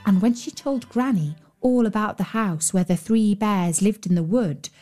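A woman reads a children's fairy tale aloud in a gentle, measured storytelling voice. A faint fiddle tune plays softly behind her. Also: medium pitch. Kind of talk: scripted storybook narration. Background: faint fiddle music.

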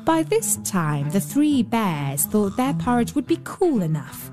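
A woman narrating a children's fairy tale in a gentle, measured storytelling voice. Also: medium pitch, very animated. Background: faint fiddle music.

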